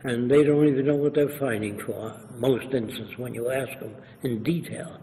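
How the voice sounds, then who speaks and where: A man's voice: medium pitch, steady tone, normal speed, dark tone. An older man, being interviewed, telling anecdotes in a lecturing way and acting out other people's voices. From New York. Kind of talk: anecdotal storytelling. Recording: echoey room, faint hiss.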